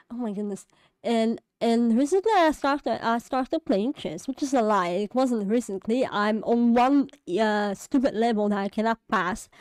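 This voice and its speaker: A woman's voice: on the high side, darkish tone, clean tone, no room sound. A woman vlogger talking casually to camera, rambling and hesitant with many fillers and restarts, often laughing at herself. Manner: self-deprecating, laughs often. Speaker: vlogger and animator.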